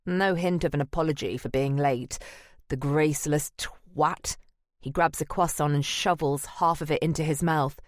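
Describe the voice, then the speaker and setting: A woman's voice: sits low, fairly even intonation, moderate pace, dry recording. A woman narrating a first-person audiobook in a wry, dry manner. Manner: wry and dry, present-tense telling.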